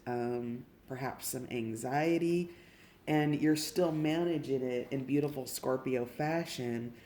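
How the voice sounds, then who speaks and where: Mellow-voiced woman reading tarot. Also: extremely low pitch. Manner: gentle and emotional, addresses the viewer directly. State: tearful. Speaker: tarot reader.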